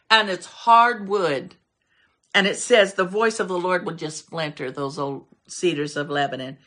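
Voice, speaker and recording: A woman preaching in a church with fervent conviction. Her voice is bright and pointed, and she reads scripture aloud with swelling emphasis. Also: fairly low pitch, normal speed. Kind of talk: sermon.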